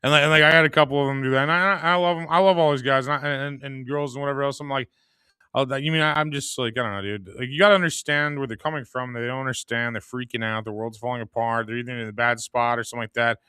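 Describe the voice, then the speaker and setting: A man with a bright, forceful voice talks fast as a podcast guest, rambling through his points with restarts and fillers. The sound is dry and close. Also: mid-range voice, fairly even intonation, smooth, dry recording. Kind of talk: casual podcast chat.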